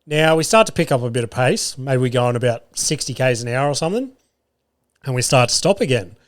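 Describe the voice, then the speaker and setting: An Australian man in his young adult years hosts a podcast alone and rambles through an animated story, swearing freely. His voice sits at a middle pitch. The sound is dry and close, with no room around it. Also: brisk, no echo. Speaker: podcast host. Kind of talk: casual storytelling monologue.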